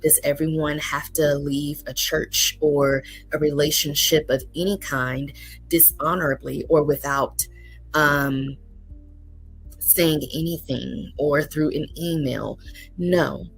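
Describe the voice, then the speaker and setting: A woman's voice: sits low, fairly even intonation, slow pace, creaky, a bit bright, low-quality recording. A woman therapist as a guest, speaking earnestly and encouragingly with frequent ums. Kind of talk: casual interview talk. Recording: faint music underneath.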